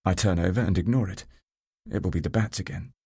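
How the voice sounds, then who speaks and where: A male audiobook narrator with a low, slightly husky voice. He reads a first-person story at a measured, calm pace, recorded dry and close to the mic. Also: dry recording.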